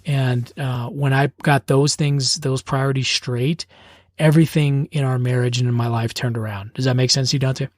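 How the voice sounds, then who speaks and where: A man talks reflectively and sincerely as a podcast co-host, pausing on fillers as he thinks. His voice sits at a middle pitch and is recorded dry and close. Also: fairly even intonation, dry recording. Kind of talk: conversational podcast talk.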